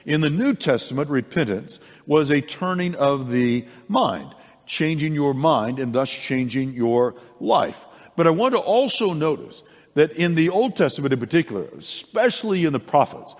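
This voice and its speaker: A man preaching a sermon to a congregation, earnest and conversational, often restarting his words. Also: mid-range voice. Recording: dull sound in a long-echo hall.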